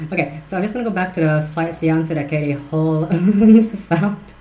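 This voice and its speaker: A woman with a low voice hosts a solo commentary show. She rambles crudely, with frequent giggles, fillers and restarts. A faint noise sits under her voice. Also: a little slow, warm tone, poor audio. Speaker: podcast host.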